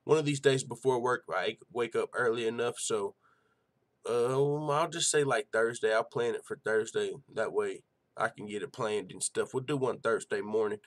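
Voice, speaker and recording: A man's voice: mid-range voice, moderate pace. Slangy, profane young male stream host. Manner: loose, slangy and profane, with frequent "you know what I'm saying". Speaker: host of a live MMA news show. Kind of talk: casual livestream chat, reading viewer comments.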